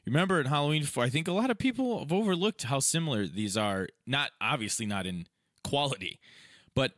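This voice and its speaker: A man's voice: mid-range voice, lively intonation, brisk, fairly bright tone, no echo, studio quality. A man co-hosting a casual movie review podcast, enthusiastic and profane, chiming in with lots of agreement. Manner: enthusiastic, backchannels a lot, profane. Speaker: podcast co-host.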